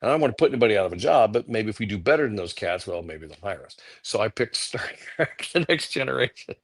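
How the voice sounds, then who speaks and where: Middle-aged man telling lively anecdotes. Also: on the low side, fast talker, slightly rough. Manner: animated anecdotes, acting out quotes. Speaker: guest comic artist. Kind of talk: casual storytelling on a livecast.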